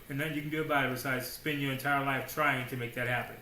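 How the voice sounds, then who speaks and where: A man preaching a sermon in a casual, slangy way, swinging between hushed asides and loud declarations with many rhetorical questions. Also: medium pitch, fast talker. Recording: roomy echo.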